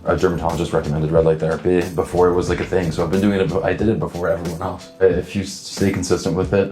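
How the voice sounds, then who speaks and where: A Canadian man, an actor, talking in a relaxed, thoughtful way, often restarting his sentences. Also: low voice, fast, hardly any pauses, echoey room, faint music behind. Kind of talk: casual talk to camera.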